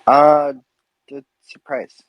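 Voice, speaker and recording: A man's voice: fairly high pitch, level tone, slow, dry recording, poor audio. Hesitant man tabletop player. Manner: hesitant, thinking aloud. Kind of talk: playing a tabletop game.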